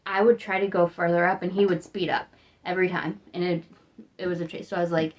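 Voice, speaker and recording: A woman's voice: lowish voice, level tone, fast talker. A young American woman chatting casually in a vlog, rambling and upbeat, sounding tired. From United States. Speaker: vlogger.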